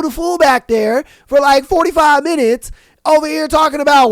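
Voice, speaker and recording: Profane, animated podcast host. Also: male voice, very high-pitched, fairly quick, dry recording. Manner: profane, animated storytelling with bursts of yelling. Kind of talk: reading a story and ranting.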